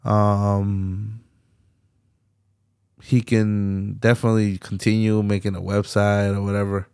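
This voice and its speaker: A man's voice: fairly low pitch, little pitch movement, takes it slowly, mellow, clear, resonant tone, no room sound, clean studio sound. A young adult man hosting a podcast, ranting solo in a profane, exasperated way, full of fillers. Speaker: podcast host. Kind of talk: casual solo rant.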